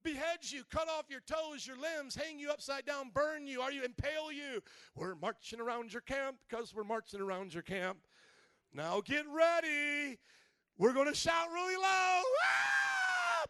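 A man with a very high voice preaches an animated sermon. He acts out Bible stories with shouted lines, then drops low and quiet to tell a story. The sound is dry and close. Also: no room sound. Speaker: pastor.

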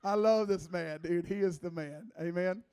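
A man's voice: sits high, moderate pace, clean tone. A man in his thirties preaching as a guest, a joking, conversational sermon full of teasing asides. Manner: playful, teasing, lively asides.

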